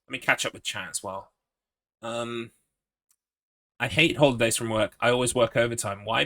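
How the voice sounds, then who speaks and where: A man hosting a live game stream, talking to his chat in a friendly, upbeat flow and laughing often. His voice sits in the middle range for a man, with a bright, forward tone. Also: mid-range voice.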